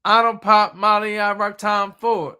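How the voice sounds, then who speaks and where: A man's voice: sits high, steady tone, a little slow, sharp tone, clean tone. A young man from Delaware chatting casually on a livestream, joking, laughing often and rambling. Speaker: livestream host. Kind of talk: casual live chat.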